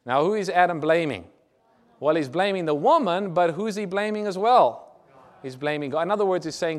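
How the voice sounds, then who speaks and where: A man with a fairly high, animated voice preaches at normal speed in a church or lecture hall equipped with a screen. He reads scripture, explains it, and asks the audience rhetorical questions.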